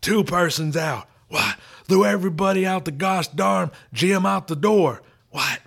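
This is a shrill, blaring wrestling brawler. He shouts and hollers in a strained high register, tossing back "what" nonstop with rowdy swagger. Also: measured pace, vocal fry, exaggerated voice. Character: brash loud male wrestling tough guy, impression.

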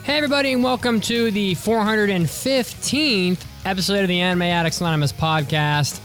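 A man's voice: sits high, fairly quick, a bit bright, faint music behind. A man hosting a casual podcast, joking around and rambling through plugs. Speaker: podcast host.

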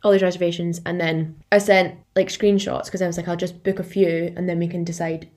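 A woman's voice: lowish voice, flat delivery, brisk, a little mellow. A young woman, co-hosting a podcast, telling reflective personal anecdotes in casual chat. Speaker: podcast co-host.

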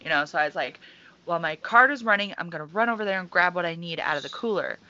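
A young adult woman co-hosting a podcast, chatting casually and telling stories in a profane, animated way. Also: lowish voice, fast, lo-fi sound. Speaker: podcast co-host. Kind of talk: casual chat.

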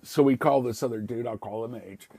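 A man's voice: medium pitch, brisk, gravelly, dark tone, husky, no echo. A middle-aged man casually telling a personal story, rambling and swearing freely, with lots of "I was like.".

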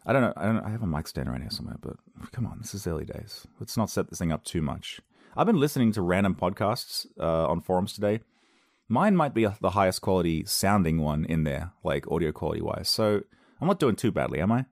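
A young man hosts his own casual podcast from home and tells a self-mocking story. He speaks in a fairly low voice and jumps up in pitch to act out the other people in it. His microphone sits close and dry, with no room sound around him. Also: lively intonation, fast talker, vocal fry, a little mellow, dry recording. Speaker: podcast host. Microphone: podcast microphone on a loose cable at home.

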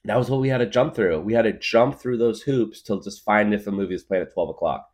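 A man's voice: fairly low pitch, brisk. A man in his thirties hosting a podcast, rambling through a comedic monologue with lots of fillers. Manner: rambling, full of fillers, laughs at his own jokes. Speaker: podcast host.

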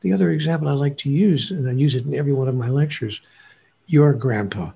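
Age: not given. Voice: very husky, gravelly man. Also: mid-range voice, fast talker, dark tone. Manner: storytelling, emphatic repetition. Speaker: spiritual teacher, guest. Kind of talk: lecturing in conversation.

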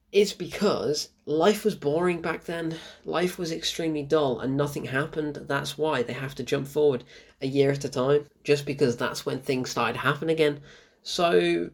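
A young man talks through a film review in a loose, chatty way, a gravelly fry running under his mid-pitched voice. He sounds bemused and exasperated and keeps breaking into laughter. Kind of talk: casual spoken film review.

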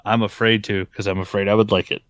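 A man's voice: fairly low pitch, flat delivery, fast talker, fairly bright tone, dry recording, clean studio sound. A man co-hosting a podcast, telling a laid-back story and swearing casually. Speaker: podcast co-host.

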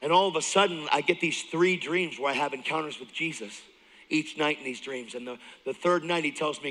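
A middle-aged man preaching a testimony sermon, moving from hushed intensity to excited near-shouting. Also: a little high, brisk, poor audio. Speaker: guest preacher.

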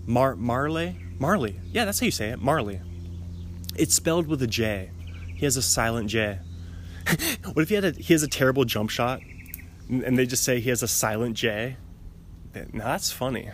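Podcast host, man in his twenties, casual, self-amused, average pitch. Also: a little fast, pauses often, slight background noise. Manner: rambling, self-amused, laughs often. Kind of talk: casual chat.

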